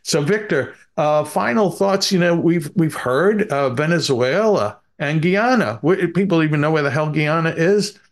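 Gravelly Bronx-accented male podcast cohost. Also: on the high side, normal speed, few pauses. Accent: Bronx, New York. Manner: hesitant, many fillers. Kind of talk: casual podcast chat with ad read.

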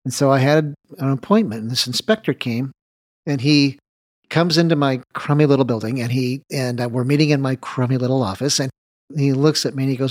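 A man's voice: mid-range voice, moderate pace, dry recording, clean studio sound. A man, a winemaker, tells a long anecdote in an interview and acts out both sides of the conversation with light laughs. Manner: anecdotal, animated retelling of dialogue with light laughs. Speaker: winemaker guest. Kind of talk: storytelling interview.

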